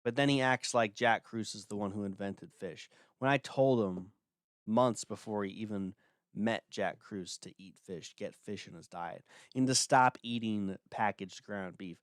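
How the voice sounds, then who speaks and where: A man's voice: fairly low pitch, a little slow, no echo, clean studio sound. A man hosting a livestream, talking casually in a blunt, dismissive way with lots of filler words. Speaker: livestream host.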